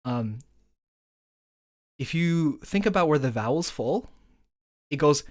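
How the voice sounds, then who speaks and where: A woman's voice: low-pitched, animated, moderate pace, pauses often. Brief: woman songwriter, livestream breakdown, eager, lots of "like" and "um", hums bits of melody. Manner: enthusiastic, filler-heavy, sings vowel patterns to demonstrate. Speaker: songwriter explaining her song. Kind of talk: casual breakdown stream.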